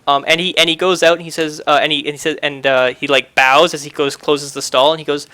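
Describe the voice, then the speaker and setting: A man's voice: fairly high pitch, level tone, quick pace, hardly any pauses, bright, forceful tone. A man narrating as game master of a tabletop game, loose and hesitant, with many fillers and restarts.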